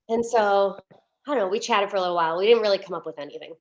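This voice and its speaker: A woman's voice: medium pitch, very fast. A woman minister giving a sermon as a candid, chatty personal story, with many fillers and restarts, at times close to tears. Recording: dull lo-fi recording.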